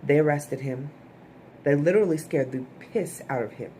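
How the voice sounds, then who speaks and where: A woman's voice: sits low, normal speed, mellow, a little hiss or hum. A woman giving a casual, chatty recap of a TV episode to her viewers, often checking in with "okay?" asides. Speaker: TV show reviewer.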